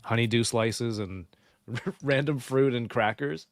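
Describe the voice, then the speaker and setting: A man speaks as a livestream guest, his voice dry and close with no room around it. He tells stories in an animated way and hams up mock outrage for laughs. His pitch is an everyday middle. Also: slow, no echo. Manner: animated storyteller with playful mock indignation. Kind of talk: casual livestream chat.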